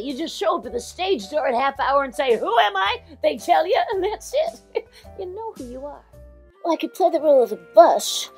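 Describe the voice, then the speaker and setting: A woman voicing a scatterbrained older showbiz diva in a comic impression, talking in an excitable, rambling, gushing way. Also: high-pitched. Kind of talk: comic celebrity impression monologue.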